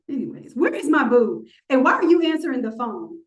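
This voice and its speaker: A woman instructor teaching a live online design class, animated and playful, talking straight to her viewers. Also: sits high, a little fast. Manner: animated, playful, talks to the audience. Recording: roomy echo.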